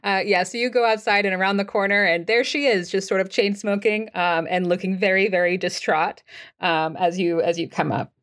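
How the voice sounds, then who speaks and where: A woman game master narrates a tabletop scene in an easygoing, hesitant manner, leaning on fillers as she sets the scene. Her voice sits at an ordinary middle pitch. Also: fairly even intonation, a little fast, fairly bright tone.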